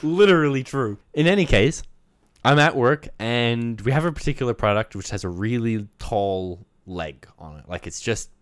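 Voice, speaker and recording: A man spins a work anecdote in casual chat, his pitch swinging up and down as he goes. His delivery is rambling and sprinkled with swearing. The sound is dry and close. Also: expressive, moderate pace, no room sound. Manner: rambling, profane storytelling with laughs. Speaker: podcast co-host telling a work story.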